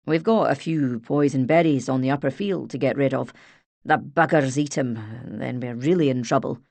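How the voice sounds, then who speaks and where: A woman voicing a gruff, terse male farmer in an audiobook. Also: very deep voice, moderate pace, darkish tone, no echo, voice pushed down, full character voice. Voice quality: gruff, clipped.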